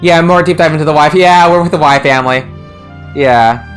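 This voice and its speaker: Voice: mid-range voice, a little fast, faint music behind. Rambling, laughing stream host. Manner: rambling, lots of "like" and restarts, laughs often. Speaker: streamer, translation discussion host. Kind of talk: casual stream chat.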